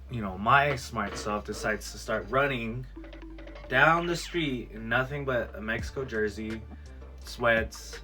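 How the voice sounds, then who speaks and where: Male vlogger, lively storyteller who voices the quotes, slightly low and bright tone. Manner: animated storyteller who acts out quoted lines. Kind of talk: storytime vlog.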